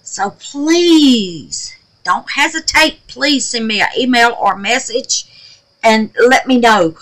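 A woman's voice: on the high side, expressive, slow, fairly bright tone, poor audio. An older woman hosting a crafting video, chatting to viewers in a rambling, affectionate way, calling them baby and darling and teasing herself for forgetting things. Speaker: crafting channel host. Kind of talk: casual chat to viewers.

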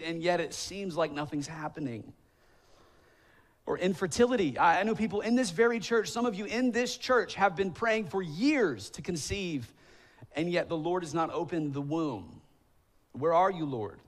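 A man's voice: on the high side, normal speed. A man in his thirties, a pastor preaching a sermon in a church, telling stories with self-deprecating humor and acting out pleading prayers. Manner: acts out quoted voices, rising to emphatic pleading. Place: church sanctuary.

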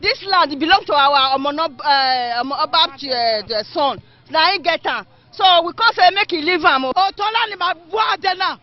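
Very high-voiced man speaking emphatically. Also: expressive, normal speed, hardly any pauses. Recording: dull lo-fi audio.

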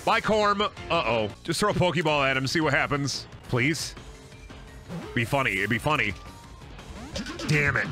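Lively joking young man streaming a game. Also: medium pitch. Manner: joking, rambling, swears freely. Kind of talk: casual game stream commentary. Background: faint game music.

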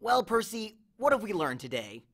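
A man's voice: sits high, big pitch swings, normal speed, gravelly, a bit bright, voice pushed up, exaggerated voice. A jittery young satyr boy from a storybook, urgent and nagging, with a slightly raised voice, as a male reader puts him on. He pushes his friends along with dry, anxious complaints. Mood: wry.

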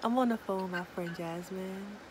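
A young woman vlogging casually, talking, swinging between murmured asides and excited squeals. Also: mid-range voice, normal speed, noisy background. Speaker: small business owner launching an online store. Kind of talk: casual vlog chat.

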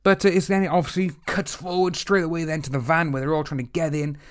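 A man casually recapping and reviewing a TV episode, slipping into quick acted-out reactions of the characters. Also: fairly high pitch, level tone. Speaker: TV series reviewer.

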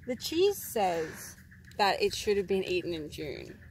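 A woman's voice: medium pitch, very animated, a little slow, slightly rough. A young woman chatting with a friend on an outdoor picnic, cracking dry jokes on the side. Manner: dry, joking asides. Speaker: vlogger's friend. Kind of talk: casual chat. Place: outdoors in a rainforest picnic area.

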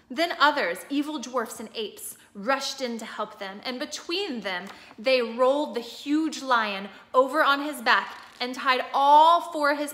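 A woman reading a storybook aloud with steady, expressive storytelling, now and then stopping to explain a picture. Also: a little high. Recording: echoey room.

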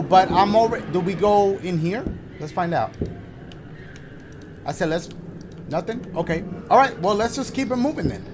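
Lively, high-voiced joking gamer man. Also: background noise. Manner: joking, profane running reactions, yelps when startled. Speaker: gaming channel host. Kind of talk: casual let's-play commentary.

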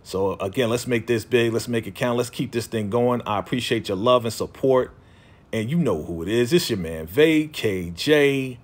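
Chill guy doing a tv recap vlog, mid-pitched voice, loose and chatty. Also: normal speed. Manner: laid-back, quoting characters in his own voice, lots of fillers. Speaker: TV recap vlogger. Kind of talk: casual chat.

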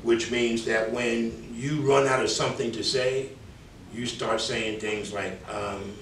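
A New York man who teaches public speaking delivers candid, conversational class feedback in a steady, mid-range voice, a little slowly, mimicking filler words as he corrects them. Background noise and an echoey room come through a distant mic.

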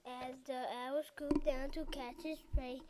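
A woman reading a class-written picture story aloud with clear expression. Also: sits high, little pitch movement, unhurried, noisy background.

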